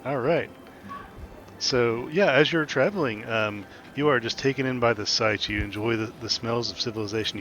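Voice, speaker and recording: A man's voice: lowish voice, a bit bright, a little hiss or hum. A man narrating as game master, describing scenes with many restarts and ums.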